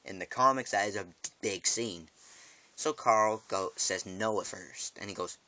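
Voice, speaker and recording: A man vlogs a casual, rambling episode recap, swearing freely and breaking off into asides and quick restarts. His voice is lowish with a sharp tone, and the recording is dry.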